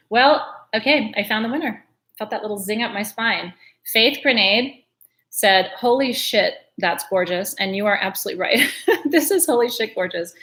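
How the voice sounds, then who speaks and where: A woman's voice: medium pitch, fairly bright tone. A woman hosting a live-stream sale, chatting in a gushing way and laughing often. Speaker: host selling crystals. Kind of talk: live-stream sales chat.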